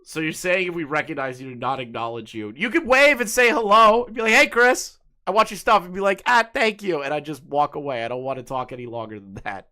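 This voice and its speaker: Blunt, foul-mouthed young man, bright voice. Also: a little high, fast, hardly any pauses. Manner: blunt, profane, rambling. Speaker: streamer host. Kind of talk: casual chat on a call.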